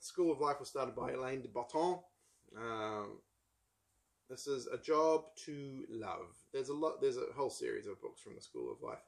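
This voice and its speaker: A man's voice: medium pitch, animated, normal speed, vocal fry. A man from New Zealand with a New Zealand accent, hosting a casual book chat in a rambling, wry way, full of ums and asides. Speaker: book channel host.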